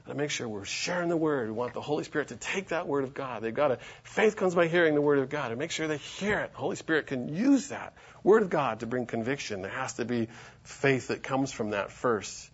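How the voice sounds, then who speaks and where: A man preaching a sermon and reading scripture aloud, emphatic and animated. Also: mid-range voice, a little fast, husky, dull audio.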